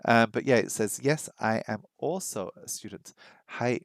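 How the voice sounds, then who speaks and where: A man chatting casually on a stream while he practises a language, thinking aloud and sounding out words slowly. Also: medium pitch, expressive, no echo. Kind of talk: casual livestream chat.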